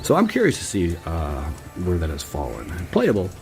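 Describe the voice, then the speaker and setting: A man chatting casually to viewers as he opens card packs, rambling and excitable with slangy asides. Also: sits low, normal speed, creaky, soft background music. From Cleveland area, Ohio. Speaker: card-opening streamer. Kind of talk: casual chat while opening card packs.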